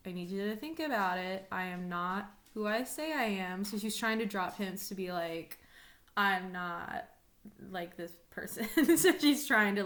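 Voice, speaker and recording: A woman's voice: medium pitch, fairly bright tone. A woman teacher in a recorded online lesson, explaining a play in a casual way, full of "like" and "um". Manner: casual, paraphrasing with lots of "like" and "um". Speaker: English teacher.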